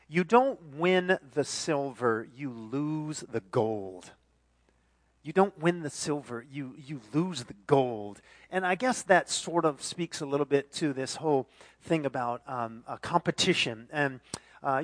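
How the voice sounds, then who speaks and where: A high-pitched man in his forties delivers a sermon in a lively, self-mocking way, often restarting his sentences. His voice sounds close and dry, with no room around it. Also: dry recording. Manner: animated and self-deprecating, with many restarts. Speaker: pastor.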